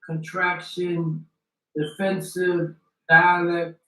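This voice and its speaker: A man reading a long list of dictionary terms one by one, slow and deliberate. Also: high voice, little pitch movement, fairly bright tone, faint music behind. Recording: roomy sound from a distance.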